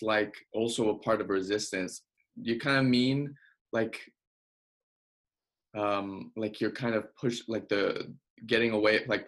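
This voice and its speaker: A man hosting an interview, asking long, searching questions full of fillers. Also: medium pitch. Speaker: podcast host, interviewer. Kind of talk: casual interview conversation.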